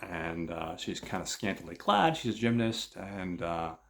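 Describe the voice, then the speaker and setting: A man's voice: low voice, very animated, a little slow. A man hosting a show, casually retelling a film plot in a rambling way with many filler words.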